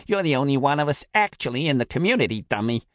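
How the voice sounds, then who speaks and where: A man's voice: mid-range voice, big pitch swings, fast talker, fairly bright tone, dry recording, voice pushed up. A man voicing a curt, dry young woman teammate with a Bronx accent, in a storybook reading.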